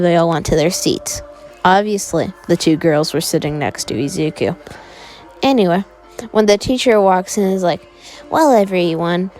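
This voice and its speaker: A woman tells a fan story in a casual, rambling way, full of fillers. She speaks slowly with a mellow tone. Faint music plays beneath her voice. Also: fairly low pitch. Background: faint background music.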